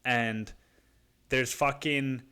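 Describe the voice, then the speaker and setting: A man's voice: medium pitch, fairly even intonation, drawn-out words, bright, forceful tone, clean tone. Rambling, profane male comic storyteller. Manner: rambling, profane, keeps saying dude. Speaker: podcast host. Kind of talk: comedic storytelling.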